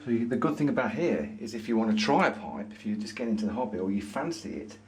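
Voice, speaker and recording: A man's voice: fairly low pitch, animated, fast talker, a little mellow, slight background noise. A man vlogging, chatting enthusiastically to camera in a pipe maker's showroom. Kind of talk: casual showroom chat to camera.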